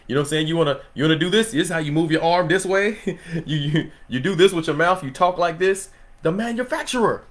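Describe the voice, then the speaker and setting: A man in a relaxed Bible study who teaches the scripture in a loose, conversational way, laughing often and checking in with his listeners. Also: on the high side. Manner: loose and conversational, laughs often, asks "you know what I'm saying?".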